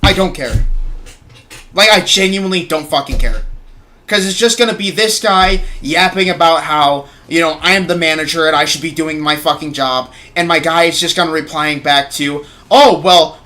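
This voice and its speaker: A man's voice: fairly high pitch, moderate pace, sharp tone. A young man streaming a game, ranting with heavy swearing about the story, then apologizing for getting heated. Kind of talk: casual livestream chat while gaming.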